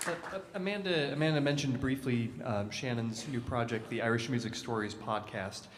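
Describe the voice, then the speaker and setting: A man's voice: mid-range voice, in a large hall, heavy background noise. A man on stage at a live concert, bantering and joking between tunes. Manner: quick and joking, with halting restarts. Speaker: fellow performer on stage. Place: concert venue at a music festival.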